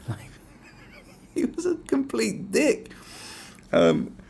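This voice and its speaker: Animated man ranting, gravelly voice. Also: very high-pitched, very slow. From England. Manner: animated, swearing, acts out quotes in raised voices. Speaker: podcast host. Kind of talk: casual storytelling rant.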